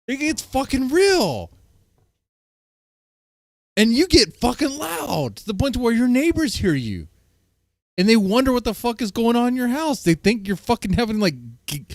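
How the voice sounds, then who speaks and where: A male livestream host chatting with viewers in a loud, profane, heated way. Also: very high-pitched, big pitch swings, measured pace, no echo, clean studio sound. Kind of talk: casual livestream chat with viewers.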